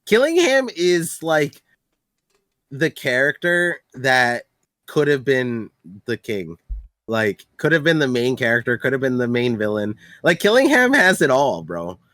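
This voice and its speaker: A man co-hosting a podcast, talking excitedly about manga in casual chat, with lots of fillers. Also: medium pitch, a little slow, no echo. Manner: excitable, many filler words and restarts. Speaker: podcast co-host.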